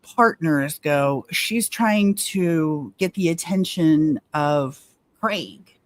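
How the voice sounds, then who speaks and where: A woman's voice: low-pitched, lively intonation, very slow. A woman joining a casual chat, wry and teasing, holding back giggles.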